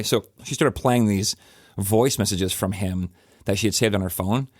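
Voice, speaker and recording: A middle-aged pastor talks through a personal reflection, his low voice wandering through fillers and restarts. The sound is dry and close, with no room around him. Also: no room sound. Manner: rambling, conversational, many fillers and restarts.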